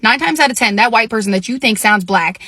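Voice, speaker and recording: A woman's voice: a little high, fast talker, pushed and bright, slightly rough, no room sound. Woman, blunt, lecturing, casual talk to camera, dry close sound.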